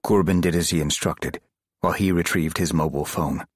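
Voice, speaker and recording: A man narrating a thriller audiobook in a measured, dramatic reading. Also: low-pitched, steady tone, no room sound, studio quality. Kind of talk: scripted narration.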